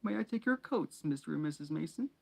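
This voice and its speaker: A man voicing a spoiled, smug chubby schoolboy in a high, squeaky put-on voice with a shaky English accent. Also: expressive, a little fast, vocal fry, darkish tone, rough recording. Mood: simpering.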